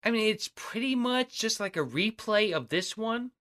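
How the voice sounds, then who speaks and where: A man co-hosting a podcast in casual chat, animated and swearing freely. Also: high voice, moderate pace. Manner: profane and animated. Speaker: podcast co-host.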